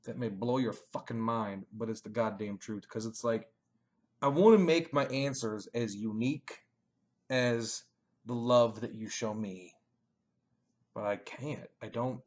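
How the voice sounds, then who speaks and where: A young man hosting a casual Q&A, cursing often and swinging between mumbled asides and sudden shouted bursts. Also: mid-range voice, unhurried. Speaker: page admin answering fan questions. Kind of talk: casual profane Q&A chat.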